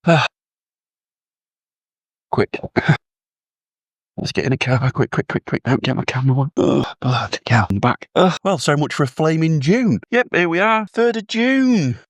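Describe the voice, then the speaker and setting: A man's voice: fairly high pitch, animated, unhurried, pauses often, no room sound, studio quality. A British man keeping a casual, rambling video diary, chatting to his phone camera with a self-deprecating manner. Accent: British English. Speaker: vlogger.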